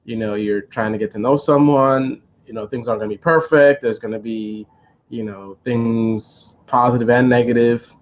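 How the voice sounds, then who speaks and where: A man's voice: mid-range voice, fairly even intonation, moderate pace, lo-fi sound, slight background noise. A man telling a rambling storytime on a live stream, hesitant, with many fillers and restarts. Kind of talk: storytime monologue.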